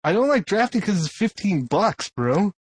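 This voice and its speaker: Ranting man with a slightly high voice. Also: very animated, normal speed, slightly rough, no room sound. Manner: ranting, sarcastic, profane. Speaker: podcast co-host. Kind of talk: casual chat.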